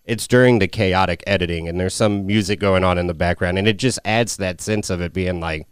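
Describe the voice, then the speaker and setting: Man in his 20s, low voice, smooth, casual podcast, rambling and swearing. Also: fairly quick, dry recording, clean studio sound. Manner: rambling, swears freely, laughs often. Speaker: podcast co-host. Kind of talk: casual film discussion.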